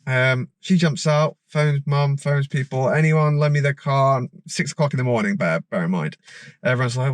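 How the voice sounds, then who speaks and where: A man, a driving instructor, telling a story in a rambling, animated way with many restarts. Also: a little high, normal speed, no room sound. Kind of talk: casual storytelling vlog. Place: outdoors by a parked car.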